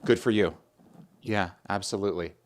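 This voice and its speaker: A man's voice: on the low side, normal speed. A man hosting an interview, chatting casually and agreeing with enthusiasm. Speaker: host.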